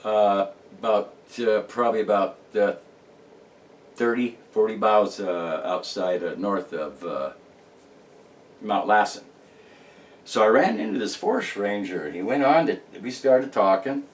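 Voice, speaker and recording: A man's voice: lowish voice, expressive, unhurried, distant mic. A man talking casually about his paranormal research, rambling and emphatic, with many restarts and fillers. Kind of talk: casual monologue to camera.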